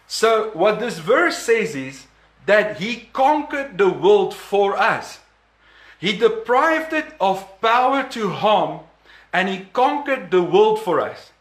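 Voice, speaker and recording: A man with a high, bright voice preaches a sermon at an unhurried pace. He leans hard on key words, repeating them for emphasis and chuckling between points. His voice rings through an echoey hall. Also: very animated.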